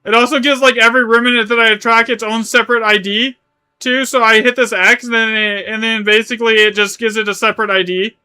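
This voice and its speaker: A man's voice: very high voice, level tone, fairly quick, sharp tone, clean tone. A man streaming a game live, chatting casually in a rambling way, correcting himself as he goes and swearing now and then. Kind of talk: live gaming stream chat.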